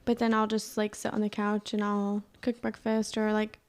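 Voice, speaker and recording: A young woman co-hosting a podcast, talking in a relaxed, chatty way with many fillers. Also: medium pitch, normal speed. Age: young adult. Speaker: podcast co-host. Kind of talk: casual chat.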